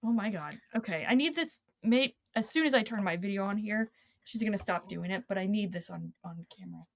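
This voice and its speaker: A woman chatting casually, animated and playful, often correcting herself as she talks. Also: medium pitch, fairly quick, gravelly, slight background noise. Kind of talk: casual chat.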